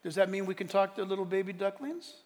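A man preaching a sermon, animated and joking, slipping into playful voices for the characters he describes. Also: high-pitched, quick pace. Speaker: pastor. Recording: hall reverb.

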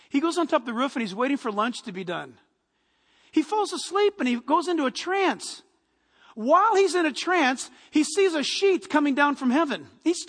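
A male pastor preaching a sermon to his congregation in a church hall, animated and conversational, speaking to them directly. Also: very high-pitched. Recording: echoey hall reverb.

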